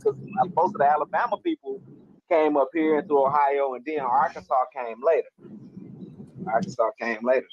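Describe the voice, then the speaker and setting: A man with a Detroit accent tells stories in a lively, laughing way, his pitch a little raised and swinging widely. His voice comes over a dull, muffled remote line. Faint noise sits behind him. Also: fairly quick. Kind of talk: casual chat.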